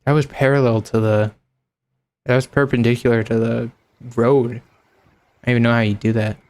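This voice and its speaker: A man's voice: mid-range voice, little pitch movement, moderate pace, a little mellow. A young man streaming, chatting casually and laughing as he reacts to videos, with casual swearing.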